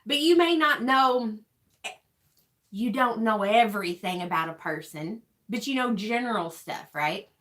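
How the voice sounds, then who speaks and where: A woman reads viewer comments aloud on a casual live stream. She teases her co-host as she goes. Her voice is bright and fairly high, and it swings up and down a lot. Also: expressive, measured pace. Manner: chatty and teasing.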